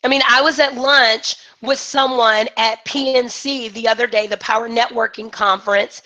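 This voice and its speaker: A woman business coach leading a live online coaching session, talking with emphasis and excitement. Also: fairly high pitch, normal speed, low-quality recording.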